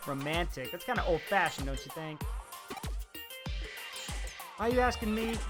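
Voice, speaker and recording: A man's voice: high-pitched, animated, moderate pace. A man reading a cool young guy's lines. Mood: puzzled. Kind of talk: reading game dialogue aloud. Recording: game music behind.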